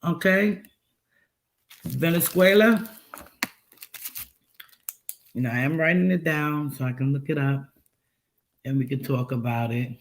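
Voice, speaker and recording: Man, raised-pitch voice, loose rambling livestream host who keeps asking the audience rhetorical questions. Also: measured pace, long pauses, a little hiss or hum. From United States. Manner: rambling, musing, asks many rhetorical questions. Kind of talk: casual livestream chat.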